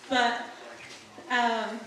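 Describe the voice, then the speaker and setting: A middle-aged woman talks slowly and earnestly, giving her testimony to a congregation. Her voice sits a little high and carries from a distance. The sound is very echoey, a sanctuary heard from across the room, with a faint hum behind it. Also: little pitch movement, a bit bright. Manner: slow, earnest, speaks straight to the congregation. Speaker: church member giving testimony. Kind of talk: church testimony. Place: church sanctuary.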